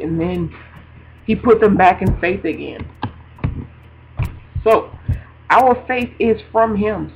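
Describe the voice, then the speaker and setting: A woman's voice: medium pitch, dull audio. A woman hosting a radio ministry segment, preaching in a chatty, colloquial way and laughing often. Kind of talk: informal radio devotional.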